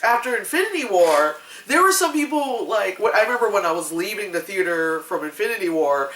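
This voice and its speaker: A woman reviewing a movie in casual chat, animated and laughing often, acting out other people's voices. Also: medium pitch, a little fast. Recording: echoey room, mic at a distance.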